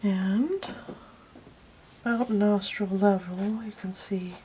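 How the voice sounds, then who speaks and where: A woman hosting a paint-along art video, talking slowly and softly and often dropping into a near whisper while she works. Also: medium pitch, slight background noise. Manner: slow, soft-spoken, often drops to a whisper while working; calls her quiet talk her calm thinking voice. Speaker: art channel host.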